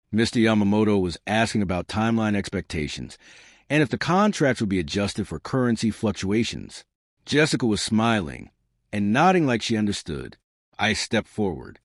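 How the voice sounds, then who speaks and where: راوٍ رجل بنبرة ساخرة جافة. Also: male voice, fairly low pitch, big pitch swings, moderate pace, dry recording, clean studio sound. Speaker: storyteller. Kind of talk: scripted first-person story narration.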